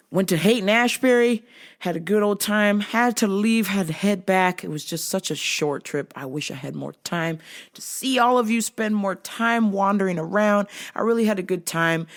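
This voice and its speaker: A woman telling a story to her viewers as a vlog host, casual and profane, laughing often as she goes. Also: medium pitch. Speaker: vlogger host.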